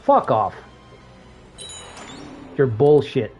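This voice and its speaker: A man's voice: medium pitch, big pitch swings, drawn-out words, muffled recording, soft background music. A man chatting casually while streaming a game, telling work stories, laughing and swearing freely. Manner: laid-back, swears freely, laughs at jokes. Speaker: gaming streamer. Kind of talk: casual gameplay commentary with storytelling.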